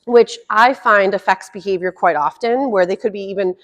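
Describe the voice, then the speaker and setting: A woman dog trainer giving a hands-on demonstration, chatty and encouraging, with bright praise cues to a puppy and a slightly dry throat. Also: mid-range voice, moderate pace, in a large hall. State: slightly dry throat, cough drop in mouth. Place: indoor room with heating running.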